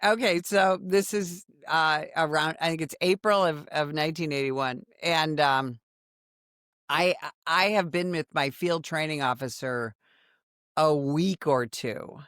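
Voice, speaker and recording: A woman in her sixties, a former undercover police officer, telling a story in a podcast conversation with dramatic, animated retelling. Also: deep voice, unhurried, dry recording, clean studio sound. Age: 60s.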